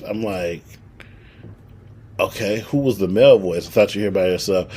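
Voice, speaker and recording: A man's voice: sits low, normal speed, a little hiss or hum. A young man, casually telling a story on a podcast and acting out the quotes. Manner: animated storyteller, acts out quotes. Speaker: podcast co-host.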